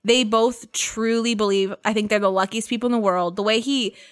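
Podcast co-host, woman, chatty, slightly higher voice, laughs a lot, plays out quotes. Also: fairly even intonation, a little fast. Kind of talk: casual chat about a book.

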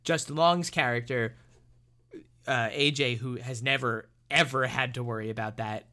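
A man with a bright, crisp tone in a loose movie-review conversation. He rambles along, stumbling over restarts and fillers as he pieces together his thoughts on the plot. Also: mid-range voice, fairly even intonation. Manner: rambling, halting, many restarts and fillers, laughs easily. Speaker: podcast co-host. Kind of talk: casual movie review chat.

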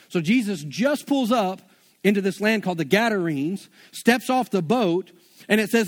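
Man preaching, high-pitched, laid-back and conversational with slang. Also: expressive, normal speed. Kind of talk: sermon.

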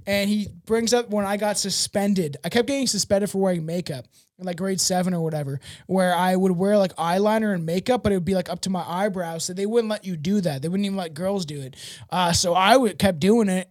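A man co-hosting a podcast with a notably high voice. He talks casually and loosely, rambling, swearing often and padding his sentences with fillers. He sounds like he's in his thirties. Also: a little fast. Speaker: podcast co-host. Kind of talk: casual chat.

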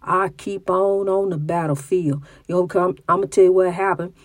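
A woman's voice: on the low side, fairly even intonation, moderate pace, no echo. A middle-aged woman with a country way of talking and a slight stutter, giving a preachy religious testimony and often restarting her words. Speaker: mother.

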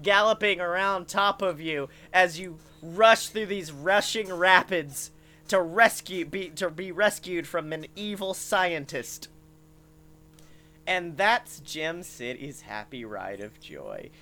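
A comedian telling a rambling comic story, animated, full of "like" and swearing. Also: medium pitch. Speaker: podcast comedian.

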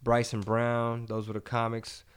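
A young man from Texas co-hosting a podcast, relaxed and rambling as he tells a story. His voice sits at a middling pitch and is easy to follow. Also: measured pace, clear, resonant tone. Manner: laid-back storyteller, acts out voices in anecdotes. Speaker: podcast co-host and comedian. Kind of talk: casual podcast chat.

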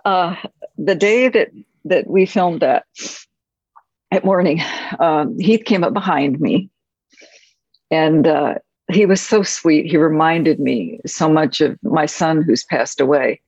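A woman screenwriter reflecting on a film shoot, speaking softly and haltingly, with many pauses and restarts. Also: low voice, breathy edge, dry recording. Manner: soft-spoken, halting, with frequent pauses and restarts. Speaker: screenwriter guest. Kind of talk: reflective anecdotal storytelling. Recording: dull, muffled audio.

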